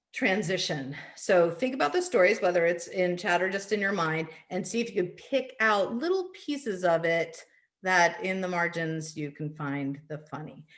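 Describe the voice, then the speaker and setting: A middle-aged woman coach leading an online workshop, speaking earnestly and acting out bits of dialogue with animation. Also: on the low side. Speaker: life and laughter coach.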